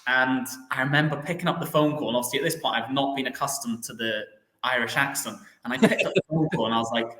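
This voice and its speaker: Chatty young man with a bright voice. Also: mid-range voice, fast, reverberant, a little hiss or hum, low-quality recording. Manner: chatty, rambling with many restarts and "like" fillers. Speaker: footballer guest. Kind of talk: casual interview storytelling.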